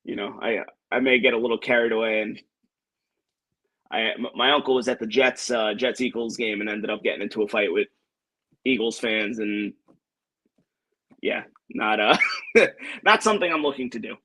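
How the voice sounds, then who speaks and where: A man's voice: on the low side, moderate pace, long pauses, pushed and bright, poor audio. A young man appearing as a guest listener on a sports podcast, chatting casually with easygoing, short replies.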